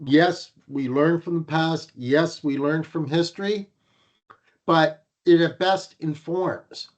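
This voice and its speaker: A man's voice: on the high side, steady tone, slow. A man co-hosting a podcast in casual chat, wry and bantering, stressing points with repeated starts. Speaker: podcast co-host. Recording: muffled lo-fi audio.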